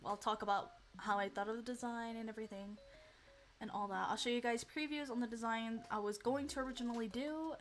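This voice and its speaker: A young woman streaming casually, excitable and giggly, with lots of fillers and restarts. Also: fairly high pitch. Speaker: VTuber streamer. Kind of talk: casual livestream chat.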